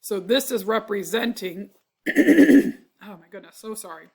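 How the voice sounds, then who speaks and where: Her voice is medium-pitched, expressive and darkish, with a measured pace. Sounding congested and often clearing her throat, she teaches chemistry in a recorded lecture, going step by step, asking "right?" and correcting her mistakes.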